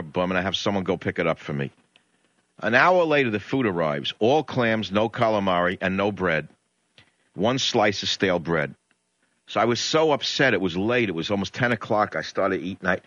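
A male talk radio host tells a grievance in a ranting, indignant rush, his pitch leaping up and down. His voice is bright and forceful. The sound is dry and a little dull, like an old radio broadcast. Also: no echo. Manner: ranting, indignant, rapid storytelling.

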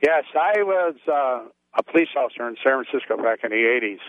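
A man's voice: mid-range voice, lively intonation, brisk, no echo. A blunt, tough-talking male caller, a former police officer, heard over a tinny phone line. The sound is thin and dry, with no room around it. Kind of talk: call-in storytelling.

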